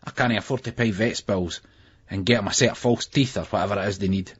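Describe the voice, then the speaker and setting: A weary mother scolds with dry humour, as a man reads her, husky and low. The sound is muffled and lo-fi, like an old tape. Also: fast talker. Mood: exasperated. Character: middle-aged mother, weary and joking.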